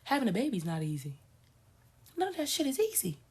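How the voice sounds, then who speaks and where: A woman's voice: a little high, wildly swooping pitch, fast talker, a little mellow, slightly rough. A woman spiritual coach giving casual ranting commentary to her followers, talking emphatically and repeating phrases for stress.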